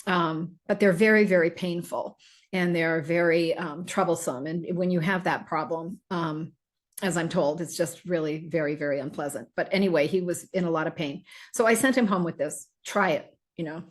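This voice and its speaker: A middle-aged woman with a somewhat low voice hosts a casual podcast about herbal remedies. She talks in a loose, rambling way, full of ums and restarted sentences, as if chatting with a friend. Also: normal speed. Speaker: host selling herbal remedies.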